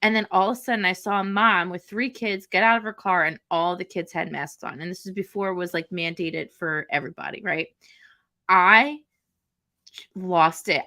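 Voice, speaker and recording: Bright-voiced woman sharing candidly. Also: lowish voice, moderate pace. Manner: candid, emotional personal sharing. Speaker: podcast co-host. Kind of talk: casual chat.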